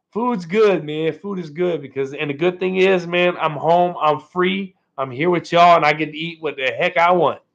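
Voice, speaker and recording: A man's voice, on the high side and a bit bright, with vocal fry, comes through at a normal speed with hardly any pauses. He's hosting a casual live stream from home, chatting with viewers in a laid-back way, thanking them often and ending phrases with "man." The stream audio sounds dull and lo-fi.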